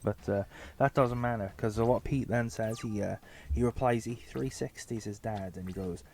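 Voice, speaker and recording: A man's voice: on the low side, normal speed, a little mellow, slight background noise. A man giving a casual, sarcastic book review. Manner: joking and sarcastic, with many fillers.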